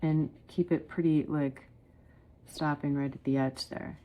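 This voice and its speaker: A middle-aged woman chatting warmly through a step-by-step watercolor painting lesson, often calling her viewers "guys". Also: sits low, fairly even intonation, measured pace. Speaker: watercolor art teacher.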